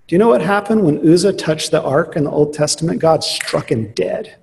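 A man preaching a sermon, earnest and emphatic, slowing down on key phrases. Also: a little high, creaky, a little mellow. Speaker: pastor. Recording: long reverb of a large hall.

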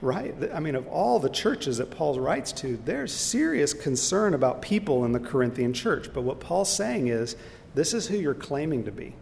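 A man teaching a Bible study lesson in an earnest, explanatory way, pausing with fillers and restarts. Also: sing-song, gravelly, darkish tone. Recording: echoey hall with faint rumble.

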